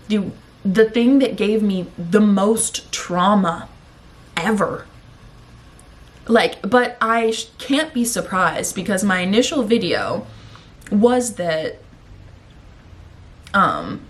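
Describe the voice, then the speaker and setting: A woman's voice: mid-range voice, animated, measured pace. Young woman vlogging, sore throat, kinda out of breath, rambly and sweary, gets worked up. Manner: rambling, profane, emotional. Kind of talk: casual chat to camera.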